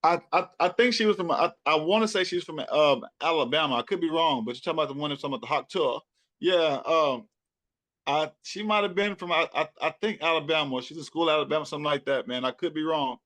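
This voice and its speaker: Laid-back Southern man, higher voice. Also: fast talker, fairly bright tone. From Texas. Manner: loose, repetitive, laughing often. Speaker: rapper and podcaster guest. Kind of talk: casual chat.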